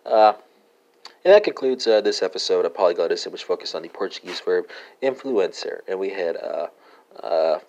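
A man hosting a solo language lesson, halting with many fillers as he spells out verb forms letter by letter. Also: low-pitched, expressive, a little mellow, lo-fi sound. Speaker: language podcast host.

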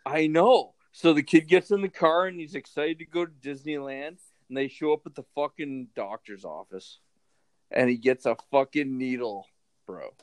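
A man's voice: on the high side, normal speed, dry recording. A man in casual chat, telling a short story in a loose, conversational way.

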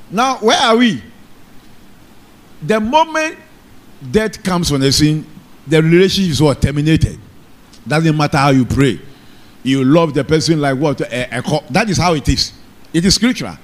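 A man preaches in church, his voice sitting high for a man. He keeps checking in with his congregation, asking if they are together and calling for an amen. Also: expressive, moderate pace, long pauses. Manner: call-and-response preaching, asks the congregation for amen. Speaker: pastor. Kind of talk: sermon.

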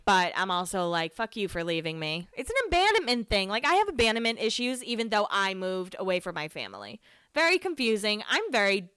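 A young woman chats through her solo podcast with a bright, forceful voice that comes across smooth and crisp. She gossips freely, peppers her talk with "like," and swears without a second thought. The sound is close and dry, with no room around it. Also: medium pitch, no echo. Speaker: podcast host. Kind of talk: casual solo podcast chat.

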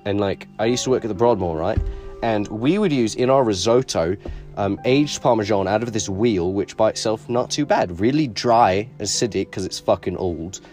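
A man's voice: fairly low pitch, moderate pace, a little mellow, soft background music. A man co-hosting a podcast in casual chat, rambling and swearing a lot while putting on a British accent. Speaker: podcast co-host.

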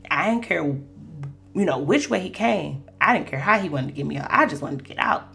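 A woman's voice: low-pitched, lively intonation, moderate pace, vocal fry, fairly bright tone, soft background music. A woman hosting a Christian podcast, telling personal faith stories in a conversational way with lots of "you know.". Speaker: podcast host.

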